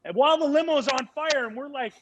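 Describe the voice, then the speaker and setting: Speaking fast at an extremely high pitch, this podcast guest, a former ball player in his forties, shares a story. He keeps it lively and informal, with lots of filler words.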